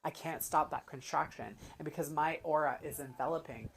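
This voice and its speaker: A woman guide chatting casually, telling animated stories and acting out what people say. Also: sits low, fairly quick, crowd noise. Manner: animated storytelling, acts out quotes. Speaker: human design guide. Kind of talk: casual chat.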